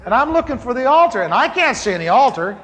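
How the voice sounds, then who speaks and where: A man telling a comic story from the pulpit, acting out the dialogue in a lively way. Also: very high voice, fast talker. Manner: animated, comic, acts out dialogue. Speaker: preacher telling his conversion story. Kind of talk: storytelling sermon. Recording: large hall reverb, faint ambience.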